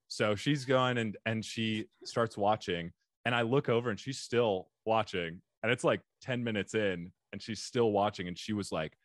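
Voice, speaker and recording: A man's voice: fairly low pitch, no echo. Laughing podcast host man, dry sound. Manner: laughs often, rambling and enthusiastic. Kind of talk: casual interview chat.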